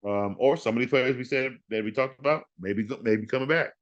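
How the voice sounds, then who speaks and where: On lo-fi audio, a man hosting a fantasy football podcast trash-talks with animated energy in a casual conversation. He speaks quickly in a mid-range voice and repeats words for emphasis.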